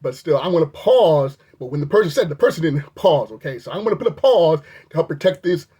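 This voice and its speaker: A video reviewer telling a story in a storytime commentary, talking animatedly and sounding incredulous, with the pitch jumping up when outraged. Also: expressive, fast, mellow, slightly rough. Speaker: video reviewer recounting an incident.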